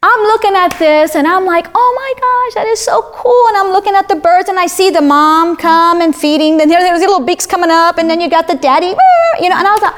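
A woman's voice: very high-pitched, fast, few pauses, a bit bright, a little hiss or hum. A woman from Florida, a self-described talker, animatedly sharing a personal faith testimony in conversation.

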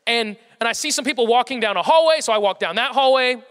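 Bright-voiced man telling comic stories. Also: very high-pitched, quick pace, clear, resonant tone. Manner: animated, self-mocking, playful exaggeration. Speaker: speaker addressing a live audience. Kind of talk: comic storytelling talk. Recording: long hall reverb.

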